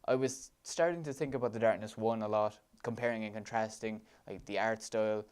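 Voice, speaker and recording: Enthusiastic Irish man with a smooth voice. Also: fairly low pitch, steady tone, brisk, a little mellow. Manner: enthusiastic, gushing with praise. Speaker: let's play commentator. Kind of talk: gameplay commentary over footage.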